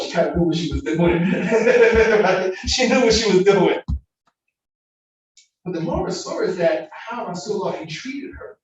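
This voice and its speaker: A man giving an informal sermon in a mosque hall, preaching in a casual, slangy way and acting out everyday dialogue. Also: high voice. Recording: echoey hall, distant mic, faint noise.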